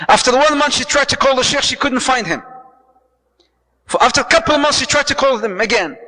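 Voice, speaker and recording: A man giving a lively sermon on marriage as a preacher, telling stories, acting out the people in them and mixing in Arabic phrases. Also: extremely high pitch, fairly quick, big-room sound, rough recording. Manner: lively storytelling, acts out quoted voices, mixes in Arabic phrases.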